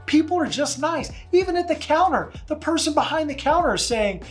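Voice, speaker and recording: A man's voice: extremely high pitch, animated, a little fast, few pauses, faint music behind. A man working as a real estate agent, talking in a chatty, folksy vlog manner with slangy asides. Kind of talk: casual vlog.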